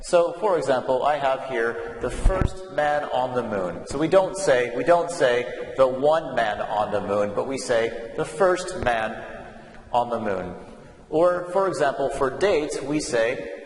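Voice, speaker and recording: A man teaching an English lesson to learners, speaking slowly and carefully and repeating words so they can follow. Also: medium pitch, expressive. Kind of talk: slow classroom lesson. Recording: echoey room with long reverb, faint noise.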